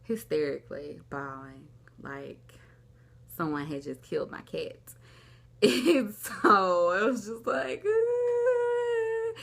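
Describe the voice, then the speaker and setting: A woman's voice: fairly low pitch, vocal fry, a bit bright. A young woman vlogging at home, telling a personal story in a rambling, casual way, acting out what people said. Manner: rambling, lots of "like", acts out quoted dialogue. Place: at home, indoors.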